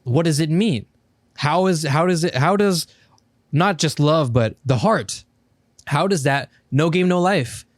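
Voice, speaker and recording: A man's voice: on the high side, unhurried, no echo, clean studio sound. A man co-hosting a casual podcast, pressing his point emphatically and cutting in, with some swearing. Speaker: podcast co-host.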